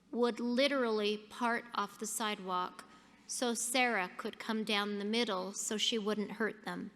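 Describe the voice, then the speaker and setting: A woman's voice: a little high, sharp tone, a little hiss or hum. A woman giving a keynote speech, telling a personal story with animation and acting out the people in it. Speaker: keynote speaker. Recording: long hall reverb.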